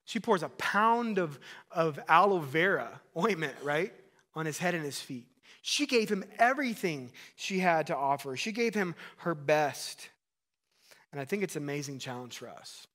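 Pastor guy in his 30s preaching, earnest and chatty, voice a bit on the high side. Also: lively intonation, normal speed, sharp tone. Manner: earnest, conversational preaching with asides and questions to the congregation. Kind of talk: sermon.

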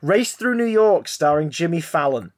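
Male podcast co-host, rambling deadpan banter, lots of restarts. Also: a little high, normal speed. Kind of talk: casual banter about films.

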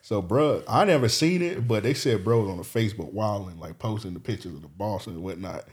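A man co-hosts a casual podcast and tells an animated story, acting out what people said with plenty of laughter. His voice is low and a little husky. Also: a little fast. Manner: animated storytelling, laughs often, acts out quotes. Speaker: podcast co-host. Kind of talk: casual chat.

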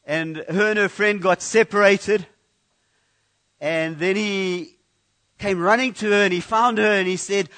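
A man's voice: high voice, fairly even intonation, measured pace, fairly bright tone. A man preaching a conversational sermon in a church, often restarting and repeating words as he speaks. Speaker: pastor.

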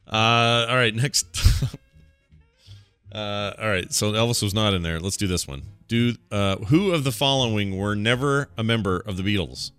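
A man's voice: lowish voice, normal speed, fairly bright tone, smooth, no room sound, faint music behind. A man co-hosting a casual podcast, reading out quiz questions and chatting loosely. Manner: reads questions aloud and chats with live chat.

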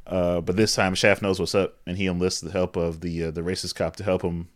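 A man casually summarizing a movie's plot for a co-host with quick, dry asides. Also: low voice, level tone. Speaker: podcast co-host. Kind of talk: casual movie recap chat.

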